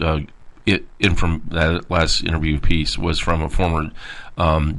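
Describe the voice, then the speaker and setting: A man's voice: very deep voice, rough recording. A man hosting a political commentary show, emphatic and heated, pushing his voice hard when worked up. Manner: emphatic, rising to near-shouts when worked up. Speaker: talk show host.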